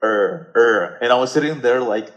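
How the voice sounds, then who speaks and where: A man's voice: medium pitch, expressive, normal speed, a bit bright, rough recording. A man from Russia with a Russian accent, a native Russian speaker, chatting as a guest and searching for words with many fillers. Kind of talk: casual conversation.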